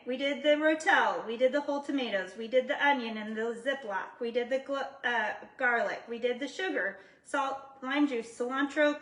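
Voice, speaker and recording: Woman, home cook on a livestream, casual and self-mocking, bright voice, echoey kitchen, often off-mic. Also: sits high, recorded from a distance. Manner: chatty, self-deprecating, greets viewers by name. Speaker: jewelry maker cooking on a livestream. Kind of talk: casual live cooking chat.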